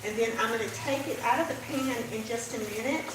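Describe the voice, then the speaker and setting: A woman's voice: fairly high pitch, brisk, reverberant, background noise. An older woman with a Texan Southern drawl, hosting a casual livestream from her home kitchen, chatting and answering viewer comments as she cooks. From Texas. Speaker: host. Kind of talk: casual livestream cooking chat.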